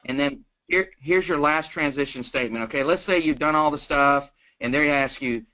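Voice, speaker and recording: A man coaching insurance sales on a conference call, energetic and checking in with the listener again and again. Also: on the high side, moderate pace, few pauses. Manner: energetic, keeps checking in with "okay?". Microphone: phone. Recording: muffled conference-call phone line.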